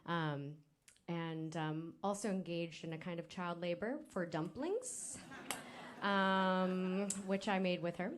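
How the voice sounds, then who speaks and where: A woman hosting a live storytelling event, introducing speakers in a loose, rambling way with many pauses and fillers. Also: lowish voice, slight background noise. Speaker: event host.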